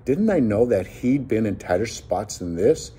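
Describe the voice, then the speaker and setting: A man reading a novel aloud with expressive storytelling. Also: fairly low pitch, normal speed, a little hiss or hum. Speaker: audiobook reader.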